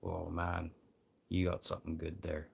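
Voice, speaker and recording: A man rambling casually to his livestream viewers, swearing freely and swinging from low mutters to loud encouragement. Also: completely flat delivery, normal speed, creaky, husky.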